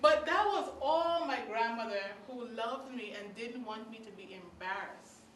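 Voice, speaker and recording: A woman with a Guyanese accent telling a childhood story live to an audience, lively and acting out the scenes. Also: a little high, measured pace, slight background noise. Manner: animated, acts out scenes, laughs. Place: hall at a story circle. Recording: roomy hall, mic far off.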